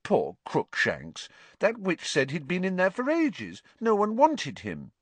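A prim, earnest teenage witch girl, played by a man reading a storybook, sits above his normal voice. She sounds bossy and fond. Her pitch moves in wide arcs. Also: huge pitch swings, slow pace, no room sound, heavily acted. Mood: pitying. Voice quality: prim and coaxing.

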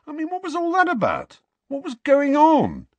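A man's voice: very high voice, wildly swooping pitch, normal speed, no echo, pitched above the performer's own voice, full character voice. Harry, a man voicing a flustered boy. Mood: indignant. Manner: spluttering, indignant. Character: teenage schoolboy, flustered and outraged.

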